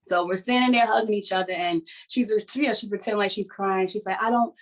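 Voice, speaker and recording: Woman, writer and session host, video call, earnest, halting, confessional, medium pitch. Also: rough recording. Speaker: writer and poet hosting a support session. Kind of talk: personal storytelling on a video call.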